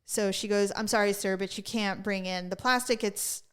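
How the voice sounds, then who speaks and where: A woman's voice: medium pitch, fairly even intonation, normal speed, fairly bright tone, clear, resonant tone. A woman co-hosting a podcast, telling a story in casual chat, acting out quotes and laughing often. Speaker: podcast co-host.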